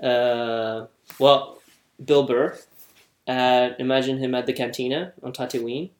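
A man's voice: mid-range voice, fairly even intonation, slow pace, reverberant. A man co-hosting a podcast, rambling and laughing as he chats casually and tries out impressions. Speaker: podcast co-host. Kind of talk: casual chat.

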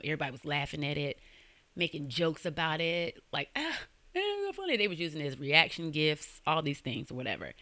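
A young woman tells a true-crime story on her podcast in loose, slangy talk, cursing as she goes. Her voice is bright and forward, recorded close and dry with no room sound. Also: low voice, no echo. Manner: conversational, slangy, swears freely. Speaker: podcast host.

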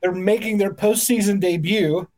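A man's voice: sits high, steady tone, normal speed, a little mellow. A man co-hosting a sports podcast, talking in a playful, rambling, jokey way. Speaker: podcast co-host. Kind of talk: casual sports podcast chat.

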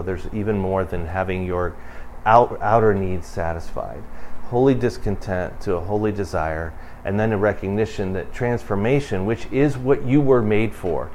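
Speaking as a pastor with a little hiss or hum in the recording, a man preaches conversationally. He works up to emphatic bursts before dropping quiet and low.

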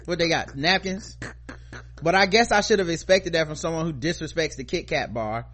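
A man's voice: on the high side, normal speed, fairly bright tone. A man co-hosting a podcast in casual chat, riffing with joking, mock-indignant asides. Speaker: podcast co-host.

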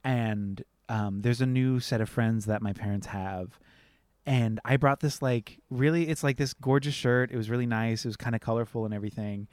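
Animated young man telling a story. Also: mid-range voice, normal speed, no room sound. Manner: animated, expressive storytelling with swearing. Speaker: podcast co-host. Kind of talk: casual chat.

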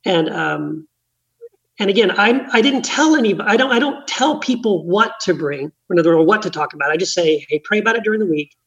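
A man's voice: high voice, expressive, brisk, vocal fry, a bit bright, highs cut off. Earnest man telling a church story. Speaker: church gathering leader. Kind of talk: conversational storytelling.

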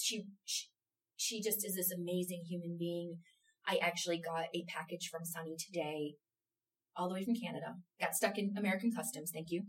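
Animated woman storyteller, slightly low voice. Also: distant mic, poor audio. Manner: animated, emotional storyteller who acts out quotes. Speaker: theater company producer. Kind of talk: casual interview chat.

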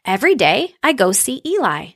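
A woman's voice: on the high side, sing-song, moderate pace, fairly bright tone, voice pushed up, exaggerated voice. A woman voicing a carefree female wooden doll who speaks in a light, breezy way.

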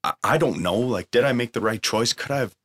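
A man's voice: medium pitch, brisk, fairly bright tone. A young man telling an emotional recovery story in a casual way, swearing freely and using lots of fillers. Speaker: guest sharing a recovery story.

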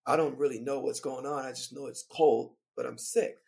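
A man who plays in a band, telling a story from the road as a guest on a podcast, lively and laughing as he recounts it. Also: mid-range voice, moderate pace, creaky. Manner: animated, vivid retelling with laughter. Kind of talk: casual storytelling.

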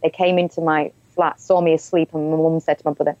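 A woman's voice: deep voice, little pitch movement, brisk, mellow, dry recording, lo-fi sound. A woman telling her own story as an interview guest, candid and frank, often breaking into laughter. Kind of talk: personal storytelling in conversation.

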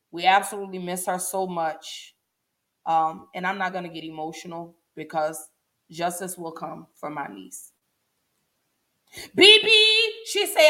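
A woman's voice: on the low side, sharp tone. A woman, hosting a casual livestream and talking straight to her viewers, chatty and emotional. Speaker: show host.

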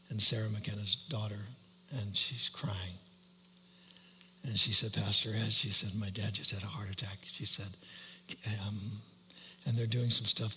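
A middle-aged male pastor telling a personal story in a sermon, shifting between loud outbursts and hushed whispers. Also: medium pitch, husky. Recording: long hall reverb, faint hum.

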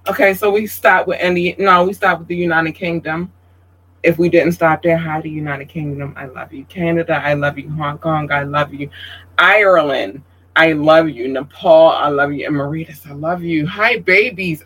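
A man hosts a casual show, reeling off listener shout-outs with playful affection. His voice is bright and forceful, sitting a little higher than most men's. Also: rough recording. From Baltimore, Maryland. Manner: effusive, animated, playful. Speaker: show host.

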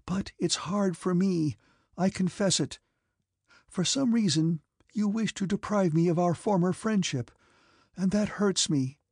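A man doing a tearful gentle noblewoman. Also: a little high, expressive, measured pace, breathy edge, dry recording, clean studio sound, pitched above the performer's own voice, full character voice. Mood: pleading, tearful. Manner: trembling, pleading. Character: gentle, sorrowful young noblewoman.

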